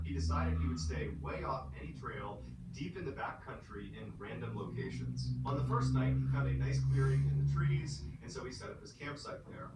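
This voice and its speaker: A man's voice: mid-range voice, echoey room, far from the mic, noisy background. A man narrating scary true stories in a dramatic, suspenseful way. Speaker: storyteller.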